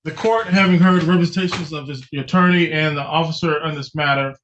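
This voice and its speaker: A stern man judge presides over a hearing on a video call. His voice sits high and sounds bright and tense, coming through dull, muffled call audio. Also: brisk, slight background noise. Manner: stern, firm commands.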